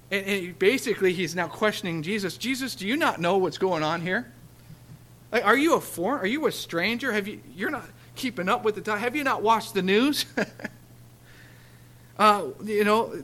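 A man's voice: a little high, bright, forceful tone. A man preaching a conversational sermon, laughing often and acting out the dialogue from scripture.

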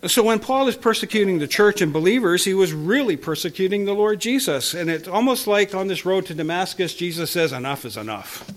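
A man preaching a sermon, reading scripture slowly and with emphasis, chuckling lightly between points. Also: sits high. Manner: expressive, stretches quoted scripture slowly with emphasis.

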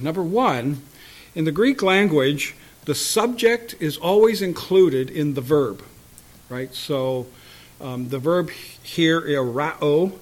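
Male preacher, slightly higher voice, steady teaching sermon, fillers, occasional throat clearing.

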